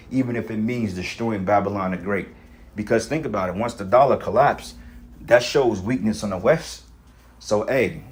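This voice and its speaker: A man ranting casually about religion and society in a blunt, profane, rambling way, full of street slang. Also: fairly low pitch. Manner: street slang, frequent "you know what I'm saying". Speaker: religious vlogger.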